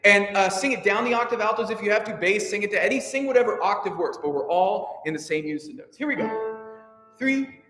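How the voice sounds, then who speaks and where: High-voiced choir director in an echoey hall. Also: male voice, fast talker, hardly any pauses, a bit bright, soft background music. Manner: upbeat and encouraging, counting the choir in. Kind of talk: choir rehearsal instruction. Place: rehearsal hall. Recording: echoey hall with long reverb.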